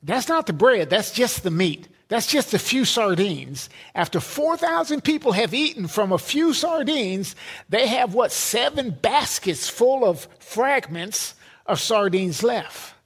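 A man's voice: sits high, very animated, measured pace, breathy edge. A man preaching a sermon, emphatic, repeating words and building lists.

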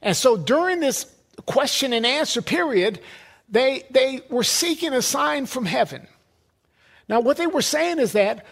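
A man's voice: very high-pitched, animated, unhurried, creaky, fairly bright tone. A man preaching a sermon, emphatic, repeating words and building lists.

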